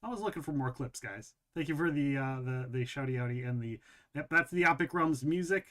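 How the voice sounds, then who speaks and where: A man's voice: mid-range voice, brisk, bright, forceful tone. A man hosting a live game stream, chatting casually to viewers, joking and rambling and chuckling often.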